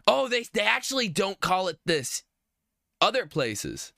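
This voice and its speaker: A man's voice: sits high, big pitch swings, a little slow, vocal fry, pushed and bright, dry recording, clean studio sound. A man from Massachusetts running a word game on a casual podcast, chiming in with lots of "yeah". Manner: runs the game, repeating "yeah" a lot.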